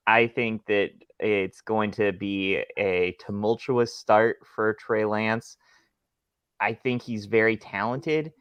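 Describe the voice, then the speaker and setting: A man's voice: on the low side, smooth, dry recording. A man co-hosting a fantasy football podcast, teasing his friends and giving firm opinions on players. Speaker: podcast co-host. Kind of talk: casual fantasy football chat. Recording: dry, muffled lo-fi mic.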